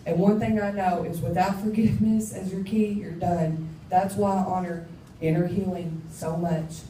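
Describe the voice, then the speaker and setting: A woman's voice: fairly low pitch, steady tone, warm tone. Woman preaching her testimony, blunt and emphatic, kinda distant from the mic, faint room hum behind. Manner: candid, emphatic, quick to laugh at herself. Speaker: conference speaker. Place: conference hall. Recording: roomy hall, speaker far from mic.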